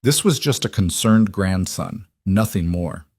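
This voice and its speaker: A man narrating a scripted story in a steady, even manner. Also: deep voice, measured pace, no room sound, studio quality.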